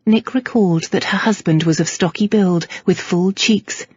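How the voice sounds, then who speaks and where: A woman narrating a historical romance audiobook in a measured, even storytelling manner. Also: fairly low pitch, slightly rough, no echo, muffled recording. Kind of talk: scripted narration.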